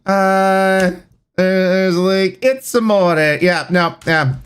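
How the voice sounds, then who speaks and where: A man's voice: high voice, fairly even intonation, slow pace, clear, resonant tone. A man streaming live, chatting casually, reading out chat and rambling with lots of fillers. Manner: rambling, reads chat aloud, many fillers.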